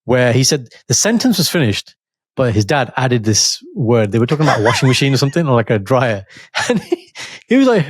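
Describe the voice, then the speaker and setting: A middle-aged man co-hosting a casual podcast, an animated storyteller who laughs often. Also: mid-range voice, a little fast, dry recording, clean studio sound. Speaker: podcast co-host.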